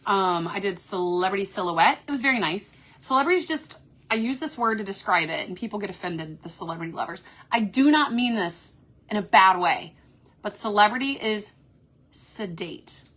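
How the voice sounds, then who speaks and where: Sex: woman. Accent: Kentucky. Style: chatty live-stream cruise host, bright voice. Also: mid-range voice, lively intonation, normal speed. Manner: chatty, upbeat, reads viewer comments aloud. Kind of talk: casual live-stream chat. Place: cruise ship cabin.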